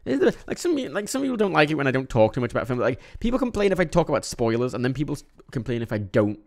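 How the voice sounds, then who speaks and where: A young man casually reviewing films, rambling, swearing often, with sudden animated bursts and a tired edge. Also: mid-range voice, racing, vocal fry. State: a bit tired. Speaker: film reviewer. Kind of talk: casual monthly movie review vlog.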